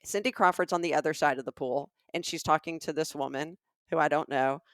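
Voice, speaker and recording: Middle-aged Southern woman, comic podcast storyteller, slightly low voice. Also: a little fast, no echo, clean studio sound. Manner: animated, acts out the dialogue of people in her stories. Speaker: podcast co-host. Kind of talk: comedic storytelling.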